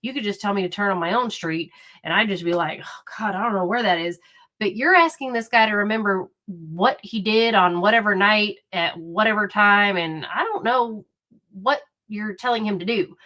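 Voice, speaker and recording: A woman's voice: mid-range voice, moderate pace, pushed and bright. A woman giving casual true crime commentary, talking in an indignant, chatty way with many fillers and restarts.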